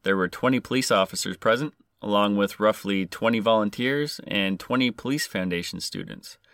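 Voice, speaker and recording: A man's voice: on the low side, normal speed, a bit bright, clear, resonant tone, no room sound, clean studio sound. A man hosting a podcast, reading a scripted story with crude, sarcastic jokes. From Canada. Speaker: podcast host.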